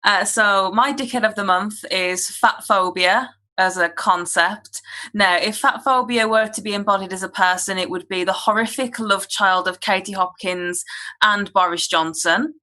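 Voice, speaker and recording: A woman's voice: medium pitch, normal speed, pushed and bright, poor audio. A woman comedian giving an earnest, angry topical rant in long run-on sentences over a video call. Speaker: comedian on a panel.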